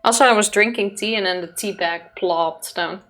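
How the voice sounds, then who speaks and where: A woman's voice: fairly low pitch, steady tone, moderate pace, fairly bright tone. A woman co-hosting a let's play, chatting casually and reading the game text aloud.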